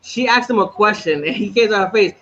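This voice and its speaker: A man with a high voice co-hosts a casual chat. He tells stories in a profane, animated way. The recording is a touch dull, with a faint hiss behind him. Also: fairly quick. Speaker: podcast co-host. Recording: slightly dull sound with faint noise.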